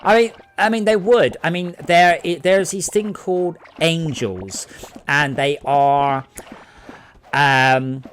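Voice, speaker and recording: A man's voice: fairly high pitch, slow, a bit bright. A man chatting and joking casually on a gaming stream, often slipping into mock voices. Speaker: streamer co-host. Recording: faint music in background.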